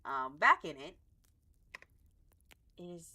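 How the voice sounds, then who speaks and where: A woman's voice: on the low side, very animated, slow pace, sharp tone. A woman streaming a dating game, chatty and easily sidetracked, scolding her cat between comments. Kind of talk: casual gaming stream commentary.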